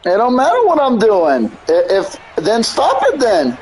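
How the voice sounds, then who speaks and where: High, taunting gamer man. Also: wildly swooping pitch, unhurried, a little mellow, slight background noise, rough recording. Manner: taunting, repetitive, mocking. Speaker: gamer streaming a football video game. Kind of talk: casual trash talk.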